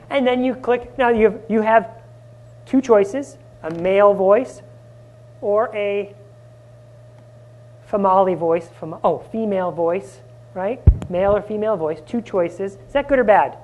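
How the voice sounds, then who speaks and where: A man presenting a live conference workshop, energetic and often asking the audience questions. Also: sits high, unhurried, long pauses, muffled recording, a little hiss or hum. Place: conference room.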